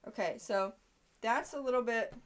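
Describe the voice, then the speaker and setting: A woman's voice: on the high side, moderate pace. A woman streamer chatting casually and bluntly while she crafts, rambling with some swearing. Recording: voice a bit off-mic.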